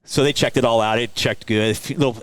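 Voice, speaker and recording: A man, an award-winning helicopter pilot, telling a rescue story in a casual, animated way, laughing often and acting out what people said. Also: medium pitch, fairly quick, no echo. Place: convention floor.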